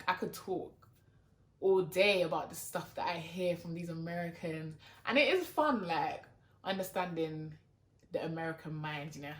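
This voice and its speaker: A young woman with a London accent chatting to camera as a YouTuber, exasperated and talky, leaning on "like" a lot. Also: fairly low pitch. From London, England. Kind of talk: casual chat to camera. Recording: roomy echo.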